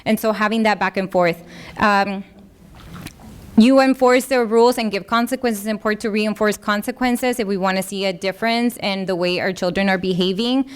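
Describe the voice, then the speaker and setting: A woman's voice: medium pitch, moderate pace, smooth. A woman giving an informal, earnest talk to parents, slipping into the voices of parents and children as she quotes them. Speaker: parenting workshop presenter.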